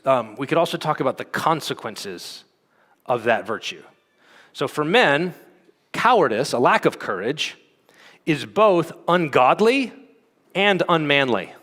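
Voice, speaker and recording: A man's voice: on the high side, fairly bright tone. A man giving a conference teaching talk in a conversational way, with frequent fillers and "okay?" check-ins to the audience. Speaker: conference speaker. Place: conference hall. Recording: long hall reverb.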